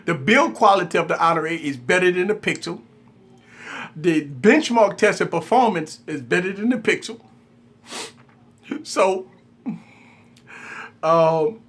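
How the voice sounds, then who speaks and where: A man hosting a tech channel live stream in casual, playful chat, laughing often as he talks. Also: high voice. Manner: giggly, laughs often while talking; loose, playful and excitable.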